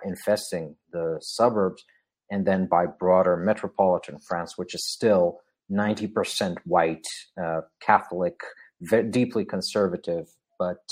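A man hosting a livestream in a somewhat low voice. He rambles along casually with plenty of fillers, stopping to read out viewer donations. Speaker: livestream show host.

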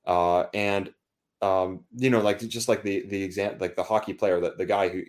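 A man's voice: deep voice, fairly even intonation, normal speed. A young Canadian man in casual chat, rambling with many fillers and restarts, and laughing often.

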